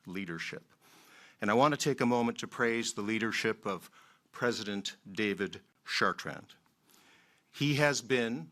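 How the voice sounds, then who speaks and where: Low, bright-voiced man giving a ceremonial speech. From Manitoba, Canada. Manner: measured, emphatic, with frequent "uh" pauses. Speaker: member of Parliament giving a speech.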